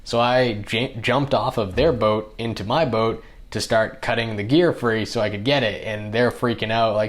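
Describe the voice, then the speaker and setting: Young man, low voice, casual storytelling, animated, mimics others' lines. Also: normal speed, few pauses. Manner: animated, acts out other people's lines in the telling. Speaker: podcast guest.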